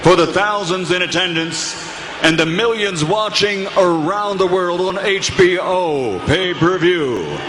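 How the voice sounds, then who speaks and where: A commentator voicing a male boxing ring announcer with a drawn-out, hyping delivery. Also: medium pitch, lively intonation, background noise, voice pushed down, close to an everyday voice. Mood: booming hype.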